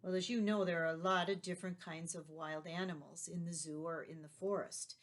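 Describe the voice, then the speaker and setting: A woman's voice: on the low side, steady tone, fairly quick. A woman teaching a remote lesson to young children, patient and leading them along with tag questions.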